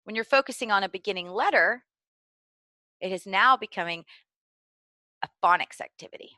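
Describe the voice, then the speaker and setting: A woman giving clear, deliberately enunciated instructional narration for preschool teachers. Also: medium pitch, lively intonation, sharp tone, no room sound. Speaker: early literacy trainer.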